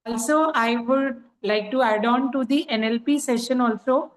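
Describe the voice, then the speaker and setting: A woman chats through her experiences with plenty of "you know" fillers. Her voice sits high, and the room rings with echo. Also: moderate pace. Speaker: coaching participant sharing experience. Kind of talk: casual online group call.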